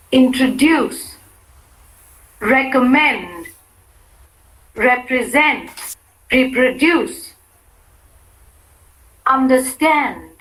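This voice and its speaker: High, very slow woman modeling words. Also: a bit bright, rough recording. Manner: careful, deliberate enunciation. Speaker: pronunciation model speaker. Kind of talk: reading isolated words for a drill.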